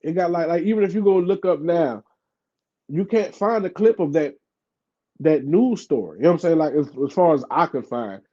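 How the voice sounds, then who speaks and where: A man's voice: fairly high pitch, moderate pace. A man in his thirties from New Orleans with a local accent, a podcast guest telling a story in casual talk, full of fillers and acting out what others said. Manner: animated, acts out quoted voices, heavy fillers. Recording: dull lo-fi podcast audio.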